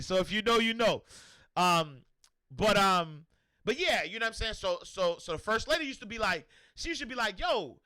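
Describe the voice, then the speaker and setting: A man from Harlem with a New York accent, hosting a casual livestream and talking in an animated, slangy, repetitive way. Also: sits high, fairly quick, no room sound. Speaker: host.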